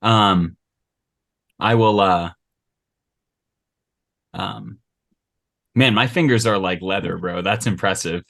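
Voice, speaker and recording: A man's voice: on the low side, slow, vocal fry, long pauses, fairly bright tone. A man playing in a tabletop game, chatting casually and laid-back, with frequent hesitations. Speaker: player. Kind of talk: casual chat.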